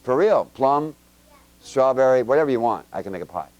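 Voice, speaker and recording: A man teaching the Bible to a mixed room of adults and kids in a loose, conversational way. He keeps quizzing the listeners with rapid questions and jokes between homespun examples, in a middle-pitched voice. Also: animated, a little mellow, no echo. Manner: quizzes the audience with quick questions; chatty and joking, with homespun examples. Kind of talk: informal Bible teaching to a congregation with children.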